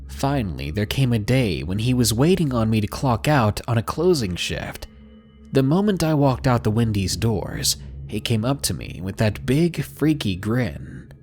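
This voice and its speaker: Male narrator for true horror stories; animated, dramatic delivery over soft background music. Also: mid-range voice. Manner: expressive, dramatic reading with hushed asides. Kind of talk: scripted horror story narration.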